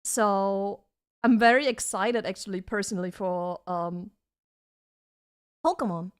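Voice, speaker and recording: A woman's voice: mid-range voice, steady tone, a little slow, clear, resonant tone. A young woman streaming from her home desk, chatting casually and giggling as she reads her chat aloud. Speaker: vtuber streamer.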